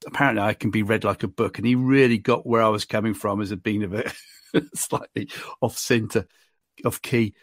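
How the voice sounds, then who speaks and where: A man's voice: fairly low pitch, fairly even intonation, moderate pace, dry recording, studio quality. A man hosting a podcast, telling self-deprecating anecdotes in a casual, chatty way. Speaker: podcast host. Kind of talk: casual storytelling chat.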